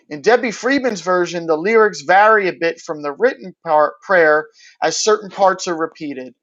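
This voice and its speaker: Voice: mid-range voice, moderate pace. Give me a host talking through a prayer and its harmonies in an easy, explanatory way. The voice sits in a middle register. The sound is a bit muffled, like a lo-fi livestream. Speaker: host and producer. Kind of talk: spoken introduction to a prayer and a song.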